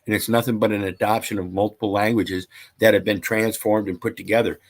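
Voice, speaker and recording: A man's voice: fairly low pitch, steady tone, a little fast. A man lecturing casually, reading out statute numbers and scripture in a rambling, preachy way. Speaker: channel host.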